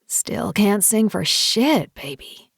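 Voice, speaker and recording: A woman voicing a rough-voiced man who teases and adores his wife, in an audiobook. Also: sing-song, slow pace, dry recording, studio quality, heavily acted. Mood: teasing. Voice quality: low rough voice. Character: rough-voiced grown man, teasing and devoted husband.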